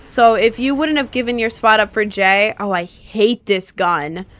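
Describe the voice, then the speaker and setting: A woman streaming live gameplay who comments excitedly and keeps repeating her exclamations. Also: mid-range voice, a little slow.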